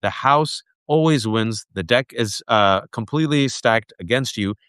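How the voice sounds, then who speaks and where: A man's voice: medium pitch, measured pace, fairly bright tone, smooth, no room sound. A man on a talk show, ranting with heated sarcasm and slipping into mocking put-on voices. His voice sits in the middle range, recorded close and dry with no room sound. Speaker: political commentator guest. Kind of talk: heated political rant.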